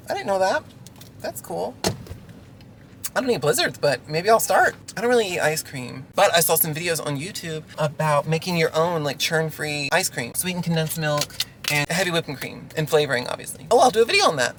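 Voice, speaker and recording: A man ranting casually in an animated, exasperated way while working as a delivery driver. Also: a little high, fairly quick, a little hiss or hum, low-quality recording.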